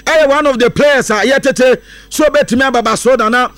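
A man presenting football news in a lively, casual way, lilting into a sing-song now and then. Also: very high voice, fast, no room sound. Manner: lively, mixes English into Akan, sing-song lilts and bursts of laughter.

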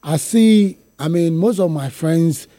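Here a musician guest speaks slowly in a mellow, slightly high voice, recorded without echo. During the interview he moves back and forth between English and Twi, sounding earnest and emphatic.

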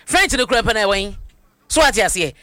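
A woman's voice: mid-range voice, animated, quick pace, pushed and bright, no room sound. A woman with a Ghanaian accent co-hosting a current affairs radio show, talking animatedly and switching between Twi and English.

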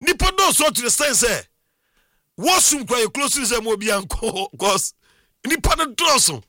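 High-voiced, bright middle-aged man. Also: normal speed, no room sound, studio quality. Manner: animated, exclaiming, laughs often. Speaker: storyteller. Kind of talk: casual personal monologue.

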